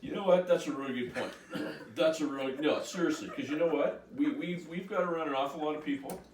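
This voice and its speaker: A man's voice: fairly high pitch, a little fast, a little hiss or hum. A man hosting a podcast in casual chat, earnest and emphatic as he affirms his guest. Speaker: podcast host. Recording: roomy, distant mic.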